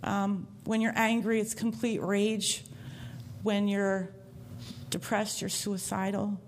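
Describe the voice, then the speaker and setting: A woman's voice: mid-range voice, level tone, slow, slight background noise. A woman giving a heartfelt personal faith testimony to a church congregation, telling her story earnestly from the stage.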